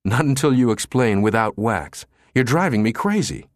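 A man's voice: medium pitch, lively intonation, normal speed, dry recording, voice pushed up, natural voice. Witty woman, read by a man, teasing manner, audiobook character, dry sound. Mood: laughing. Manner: teasing, playful.

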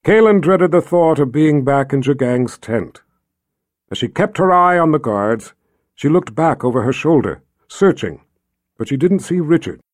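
A man narrates a fantasy novel in a steady, measured read. His voice sits a bit high, and the recording is dry and close. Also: dry recording. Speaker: audiobook narrator.

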